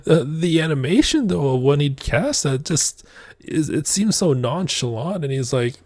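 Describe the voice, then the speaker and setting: A man's voice: a little high, lively intonation, moderate pace, darkish tone, no echo, studio quality. A man hosting a reaction video, chatting casually over the clip he watches, with hesitant, chuckling asides. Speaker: reaction channel host.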